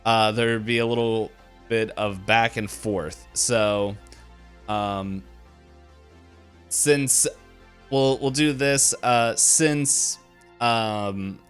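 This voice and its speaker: A man running a tabletop game as game master, unhurried and hesitant with many fillers. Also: lowish voice, steady tone, fairly bright tone, clean tone, soft background music.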